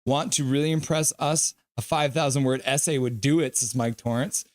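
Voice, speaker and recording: A man's voice: mid-range voice, fairly even intonation, no room sound. A middle-aged man hosting a live stream, reading viewer comments aloud in a playful way and calling hockey play-by-play. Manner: breaks into quick play-by-play commentary. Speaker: livestream host reacting to a hockey game.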